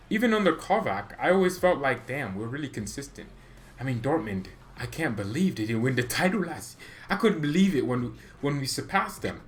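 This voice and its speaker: A man of ordinary pitch hosts a casual fan reaction vlog, rambling from point to point with strong opinions. His voice jumps up in pitch and loudness when he gets excited, and he laughs often between points. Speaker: football fan channel host.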